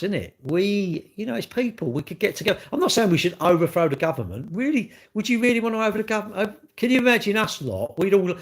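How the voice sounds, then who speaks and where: A middle-aged livestream host reads chat and talks casually with his viewers, rambling from topic to topic in a cheeky, joking manner. His voice is a bit high for a man and swings widely in pitch as he acts out quoted exchanges.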